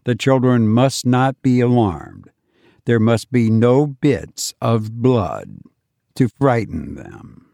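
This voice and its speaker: A man narrating a short story in slow, measured tones as the host of a podcast. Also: medium pitch, very animated, gravelly, mellow, dry recording.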